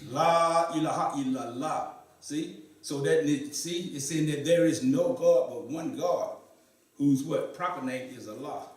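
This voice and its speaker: A man's voice: fairly high pitch, unhurried, warm tone. A man teaching Arabic to a class in a mosque, often asking questions and repeating students' answers. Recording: echoey room, voice from far off.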